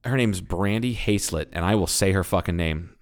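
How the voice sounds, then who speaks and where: A deep, smooth-voiced man from Ohio spins a long, cursing anecdote on a casual podcast. He backtracks and restarts often, then pushes ahead with animated, blunt emphasis. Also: normal speed. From Ohio, United States. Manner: profane, animated storytelling with frequent restarts. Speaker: podcast co-host. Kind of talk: casual storytelling chat.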